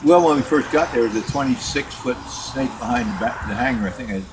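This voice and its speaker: An older man, mid-pitched and unhurried, tells long rambling stories from his service days, often stopping to restart a sentence. The recording is a casual home interview with steady background noise beneath his voice. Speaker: interviewee telling war stories.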